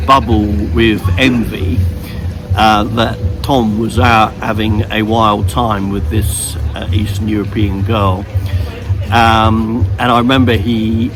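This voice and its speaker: A middle-aged man walking along a street and telling a meandering, reflective story about dating, with many fillers and restarts. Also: on the low side. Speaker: vlogger on dating. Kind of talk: rambling anecdotal storytelling.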